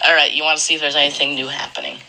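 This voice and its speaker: A woman's voice: deep voice, level tone, very fast, pushed and bright, low-quality recording. A woman running a tabletop game as game master, rambling and correcting herself as she narrates. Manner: rambling, self-correcting, laughs often.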